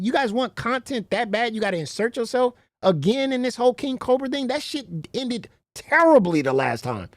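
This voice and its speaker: A woman streamer reacting live in casual commentary. Her voice swoops widely up and down as she talks bluntly and incredulously, laughing a lot and swearing freely in slang. She sits at a streaming mic. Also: medium pitch.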